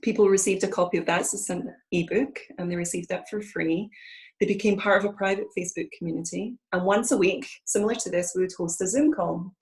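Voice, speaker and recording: A woman's voice: fairly low pitch, fairly even intonation, quick pace, rough recording. A woman with a Scottish accent, a guest in a conversational interview, speaking earnestly and reflectively over a video call.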